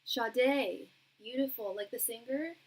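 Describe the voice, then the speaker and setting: A woman chatty tarot livestream host, husky tone. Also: a little high, slow, poor audio. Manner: chatty and warm toward viewers, frequent ums and light laughs. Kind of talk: casual livestream chat with viewers.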